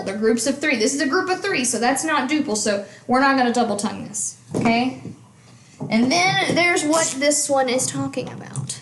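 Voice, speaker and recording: A woman's voice: sits high, reverberant, background noise. A woman music teacher explaining in a casual, chatty way, often checking in with the listener. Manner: chatty, checks in with frequent "okay?". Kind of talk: casual instruction.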